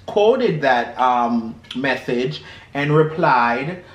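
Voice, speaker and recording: Easygoing guy on a food vlog, kinda high voice, echoey room with a little noise. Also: expressive, normal speed, fairly bright tone. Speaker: vlog co-host. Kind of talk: casual chat while eating. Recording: roomy echo, faint noise.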